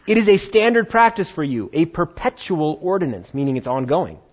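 Man, pastor, sermon, acts out voices, higher-pitched, muffled lo-fi sound. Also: fairly quick. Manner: animated storytelling, acting out biblical voices.

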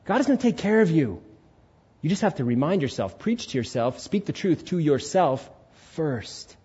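A man preaching a Sunday sermon as pastor, animated, acting out inner voices and asking the congregation questions. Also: fairly high pitch, moderate pace, slightly rough, dull audio. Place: church sanctuary.

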